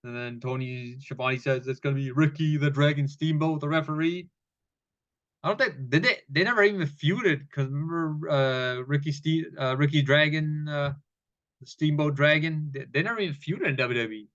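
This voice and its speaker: A man's voice: fairly high pitch, moderate pace, a bit bright, muffled recording. A man casually recapping a wrestling show, rambling and profane, with fillers and laughs.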